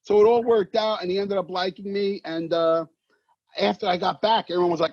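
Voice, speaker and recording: A man, an actor telling stories in a casual interview, animated and swearing, acting out voices. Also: sits high, a little fast, dry recording. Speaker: actor guest. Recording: dull muffled sound, dry.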